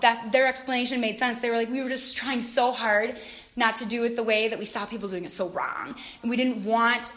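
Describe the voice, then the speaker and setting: A woman's voice: on the high side, a bit bright. A middle-aged woman, a mother, giving a casual faith talk in a chatty way, laughing often and acting out quotes with animation. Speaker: mother and Christian speaker.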